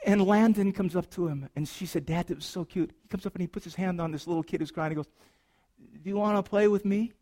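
A middle-aged man as a pastor, preaching a sermon in a church, moving between lively storytelling and hushed, earnest reflection. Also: high-pitched, fast talker, few pauses. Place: church sanctuary.

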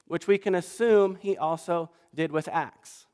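A pastor giving a sermon, telling stories in an animated way and acting out the quoted voices. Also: male voice, high-pitched, a little slow, few pauses, clean tone. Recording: long reverb of a large hall.

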